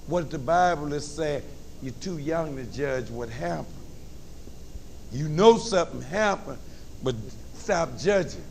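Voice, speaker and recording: A motivational speaker with a New Orleans accent gives a lively talk to high school students, using call-and-response and humor. He keeps a measured pace with frequent pauses, over slight background noise.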